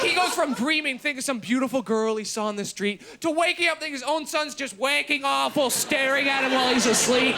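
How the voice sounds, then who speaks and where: A man in his thirties performing a stand-up comedy set with dark, deadpan jokes, muttering his asides and shouting his punchlines. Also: noisy background. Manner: drops to a low mutter for asides. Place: comedy stage before a live audience.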